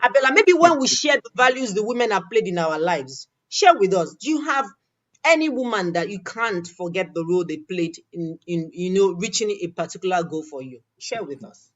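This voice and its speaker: A woman hosting an interview, telling a story in lively, acted-out dialogue. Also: fairly low pitch, normal speed. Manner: animated, quotes others in acted-out dialogue. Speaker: interview host. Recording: dull lo-fi audio.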